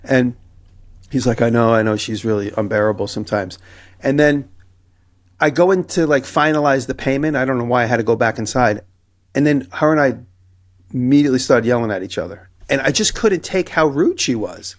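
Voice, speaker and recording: Man, podcast co-host, casual storytelling, animated, voice of average pitch. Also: a little fast. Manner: animated anecdote telling, acting out both sides of quoted exchanges.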